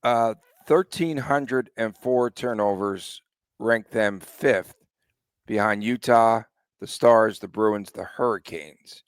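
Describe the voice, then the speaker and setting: A man's voice: lowish voice, slow, smooth, no room sound. A man hosting a sports podcast in casual chat, conversational and asking his co-host questions.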